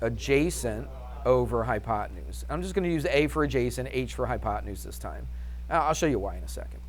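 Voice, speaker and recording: A male math teacher leads a classroom lesson with an upbeat, chatty manner. He keeps tossing questions to the class and then answers them himself. His pitch sits in the usual middle range for a man. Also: expressive, fairly quick.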